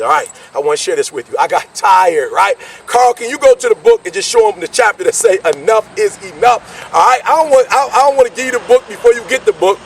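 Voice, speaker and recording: A man giving an energetic motivational speech, repeating his points and pushing the listener hard. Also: high-pitched, quick pace, creaky, hardly any pauses, distant mic, slight background noise. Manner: energetic, preachy, repetitive call-and-response. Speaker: motivational speaker.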